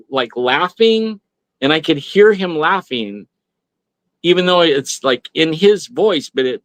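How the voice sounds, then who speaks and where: A man's voice: on the high side, fairly bright tone, dry recording. Man rambling through a personal story. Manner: rambling, full of "like" and restarts. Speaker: guest. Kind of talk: storytelling on a talk radio show. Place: radio studio.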